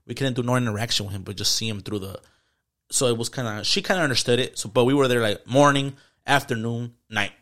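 Man, rapid casual storytelling, lots of swearing, mid pitch. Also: fairly bright tone. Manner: storytelling with heavy swearing and slang. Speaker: podcast co-host. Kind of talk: casual chat.

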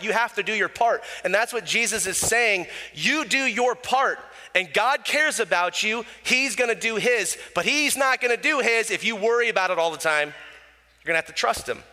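Pastor, male, bright slightly high voice, chatty sermon delivery, long room reverb. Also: animated, normal speed. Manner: conversational preaching with asides and chuckles.

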